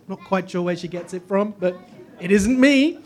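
Self-deprecating posh Englishman, high voice. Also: moderate pace. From Northeast England. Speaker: guest speaker. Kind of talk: humorous personal testimony.

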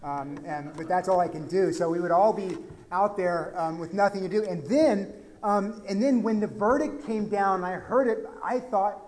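Slight background noise accompanies this Texas pastor's high voice at normal speed. His sermon is conversational, shifting between quiet asides and loud, emphatic high points.

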